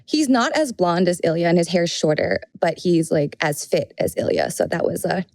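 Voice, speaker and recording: A woman's voice: on the low side, expressive, moderate pace, gravelly, darkish tone, no echo. A woman co-hosting a podcast, telling stories in a chatty, casual way and laughing often. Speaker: podcast co-host. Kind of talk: casual chat.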